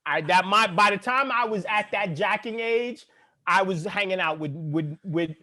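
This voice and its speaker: A man from Brooklyn, New York, co-hosting a podcast as a father of young kids, talking bluntly with plenty of swearing and quick laughs. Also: sits high, bright, forceful tone. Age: adult father of young kids. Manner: blunt, profane, laughs easily. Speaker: podcast co-host. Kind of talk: casual chat.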